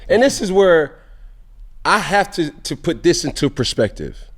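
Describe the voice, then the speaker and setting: A man's voice: on the high side, very animated, measured pace, fairly bright tone. A man hosting a podcast, talking sports casually and emphatically, with slang and rhetorical questions. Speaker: podcast host.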